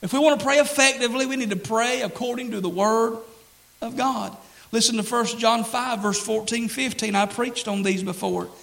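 A man's voice: extremely high pitch, moderate pace, gravelly, fairly bright tone, poor audio. A man preaching a sermon as pastor, earnest and repetitive, quoting scripture and stressing key phrases.

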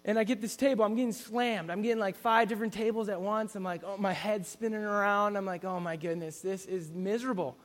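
High-voiced earnest man preaching. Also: fairly even intonation, fast talker, hardly any pauses, long reverb tail. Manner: earnest, storytelling, frequent restarts. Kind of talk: sermon.

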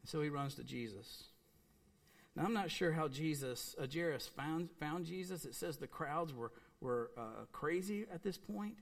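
Earnest high-voiced male preacher. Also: lively intonation, a little slow, vocal fry. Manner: earnest preaching with emphatic repetition and sudden soft drops. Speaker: pastor. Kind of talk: sermon.

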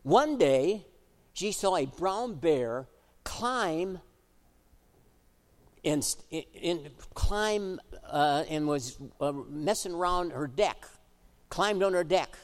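A middle-aged man preaching a sermon in a high, bright-edged voice and at an unhurried pace. He moves from emphatic exhortation to relaxed, conversational storytelling. The long echo of a church sanctuary trails behind every phrase. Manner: swings from emphatic preaching to quiet, chatty storytelling. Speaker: pastor. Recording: echoey hall reverb.

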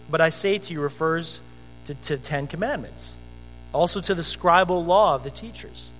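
A man preaching a conversational, animated sermon as a pastor in a church sanctuary. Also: sits high. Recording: long hall reverb with faint music.

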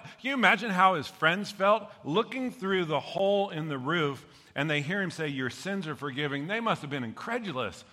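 A male pastor preaching a sermon with a bright, forward voice. He tells the story with animated energy and acts out the voices of its characters. His voice rings with the long reverb of a large hall. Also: a little high, moderate pace, hardly any pauses.

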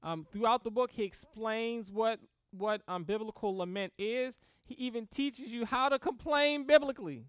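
A woman teaching a Christian class on grief in a lively, conversational way, often laughing and checking in with the class. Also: a little high, moderate pace, few pauses, smooth, no room sound. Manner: animated, laughs often, acts out prayers in quotes; checks in with "right?" and "okay?".

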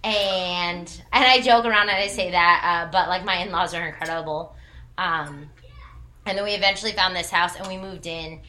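A woman's voice: on the low side, brisk, pushed and bright. A woman in her thirties who worked in church ministry, telling a personal testimony with earnest storytelling and quoted dialogue.

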